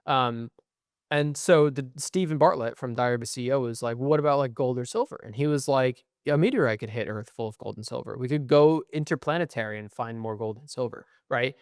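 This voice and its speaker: Young man, co-host, rambling explainer, dry close-mic sound, mid-pitch. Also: fairly quick, smooth, no echo. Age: young adult. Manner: rambling, frequent "right?" and "um" fillers. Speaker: podcast co-host. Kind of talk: casual chat.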